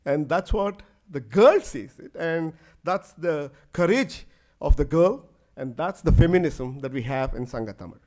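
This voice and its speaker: Animated male professor lecturing. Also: fairly high pitch, measured pace. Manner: animated, fills speech with "like". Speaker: professor giving a conference lecture. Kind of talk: conference lecture with storytelling.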